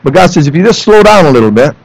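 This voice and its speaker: A man preaching a sermon in church, animated, rising into loud emphatic lines and dropping to low asides for the congregation. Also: very fast, no echo, low-quality recording. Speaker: pastor. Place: church sanctuary.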